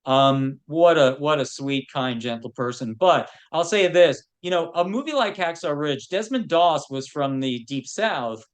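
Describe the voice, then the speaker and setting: A man's voice: a little high, lively intonation, a little slow, few pauses. A man who works as a film producer, a guest on a podcast, telling anecdotes in a loose way full of "you know". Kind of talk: casual interview chat.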